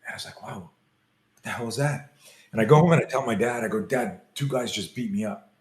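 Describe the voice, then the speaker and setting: A man and self-defense coach telling a story in an interview, animated, acting out the scenes as he goes. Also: medium pitch, a little fast, reverberant, slight background noise.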